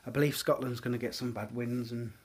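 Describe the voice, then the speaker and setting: A man's voice: mid-range voice, fairly even intonation, brisk, husky. British man rambling through a home vlog. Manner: rambling, with many fillers and restarts. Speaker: vlogger. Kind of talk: casual daily vlog chat. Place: at home, indoors. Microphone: handheld phone.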